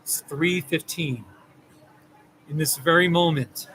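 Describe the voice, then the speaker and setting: A man who works as a therapist, talking casually and gently to the camera, rambling and reassuring. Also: fairly high pitch, slow pace, a little hiss or hum, low-quality recording. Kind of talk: casual direct-to-camera talk.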